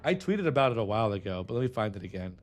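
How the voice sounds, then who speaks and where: A man's voice: fairly low pitch, big pitch swings, very fast, slight background noise. A man from San Antonio, chatting casually on a livestream in a rambling, restless way, swearing freely. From San Antonio, Texas. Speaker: streamer. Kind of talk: casual stream chat.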